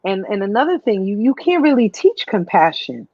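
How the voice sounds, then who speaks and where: A middle-aged woman, a radio show guest, telling stories in a lively way and calling her listener honey. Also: medium pitch, normal speed, no echo, highs cut off. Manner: animated storyteller, calls the listener honey. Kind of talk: casual radio conversation.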